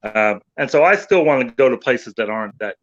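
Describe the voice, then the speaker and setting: Animated male ghost-hunter guest, muffled. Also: medium pitch, fairly quick. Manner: animated anecdote teller, voices others in quotes. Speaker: guest, paranormal investigator. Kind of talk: casual chat, storytelling.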